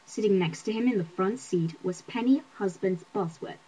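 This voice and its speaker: Husky woman reading a wry diary. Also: medium pitch, moderate pace, mellow, rough recording. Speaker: audiobook reader. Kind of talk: first-person narration reading.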